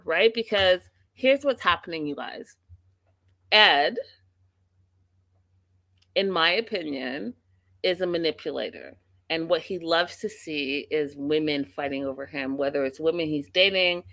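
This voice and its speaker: Lady doing a live tv recap, lowish voice, super opinionated, dry close sound. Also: dry recording. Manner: animated, opinionated, reads viewer comments aloud. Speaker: host of a live TV recap show. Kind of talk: casual live-stream recap chat.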